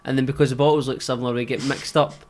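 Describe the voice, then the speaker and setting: A man's voice: mid-range voice, level tone, racing, darkish tone, a little hiss or hum. A man, co-hosting a casual podcast. He listens, drops short agreements and adds teasing jokes. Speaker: podcast co-host.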